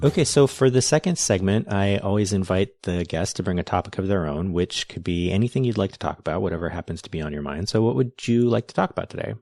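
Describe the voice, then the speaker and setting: Deep-voiced man hosting an interview. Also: animated, fast, few pauses, a little mellow, faint music behind. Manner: thoughtful, hesitant, with repeated restarts. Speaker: podcast host. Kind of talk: casual interview conversation.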